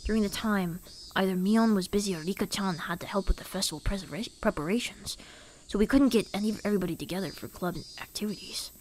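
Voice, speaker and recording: A woman reading a visual novel aloud, voicing a reflective teenage boy narrator in a soft tone. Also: mid-range voice, quick pace, a little hiss or hum, natural voice. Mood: wistful.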